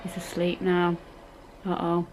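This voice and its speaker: A woman's voice: fairly low pitch, monotone, a little slow, darkish tone, slight background noise, poor audio. A young woman talking through a scary film as a vlogger, gasping, squealing and chatting in a casual reaction vlog.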